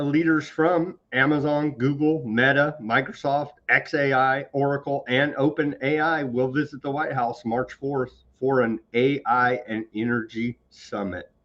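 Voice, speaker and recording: A man's voice: mid-range voice, a bit bright, muffled recording. A man hosting a casual political commentary show, ranting in a heated, mocking way. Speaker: show host.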